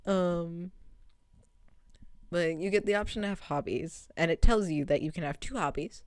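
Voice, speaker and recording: A young woman streamer casually recapping a game, rambling and animated, swearing freely and laughing often. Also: fairly low pitch, moderate pace, long pauses, no room sound.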